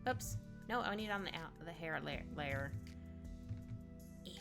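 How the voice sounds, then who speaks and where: A woman's voice: low voice, lively intonation, unhurried, over loud music. A woman chatting casually on a live stream while she draws, reading chat aloud, laughing often and trailing off mid-thought.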